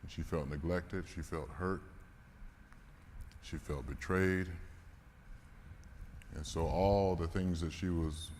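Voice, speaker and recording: A man's voice: deep voice, fairly even intonation, slow pace, long pauses, a little mellow. A man giving a candid, emotional storytelling talk at a conference, swearing and laughing now and then. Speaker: conference speaker. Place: large conference hall. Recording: reverberant hall with faint noise.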